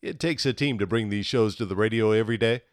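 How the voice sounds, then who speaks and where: A man announcing for a radio program, reading a steady scripted promotional segment. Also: fairly low pitch, fast, dry recording, clean studio sound. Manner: smooth, steady promotional read.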